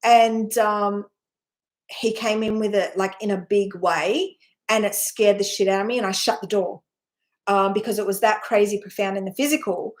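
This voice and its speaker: This spiritual teacher speaks at a moderate pace in a mid-range voice with fairly even intonation. She recounts her own story in a heartfelt, meandering way, sighing with emotion and repeatedly asking "right?".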